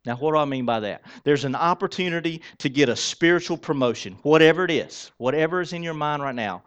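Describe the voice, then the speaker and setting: High-voiced man preaching a sermon. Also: lively intonation, quick pace, clear, resonant tone, lo-fi sound. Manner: conversational, asks the congregation rhetorical questions; switches between soft and loud for emphasis. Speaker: pastor.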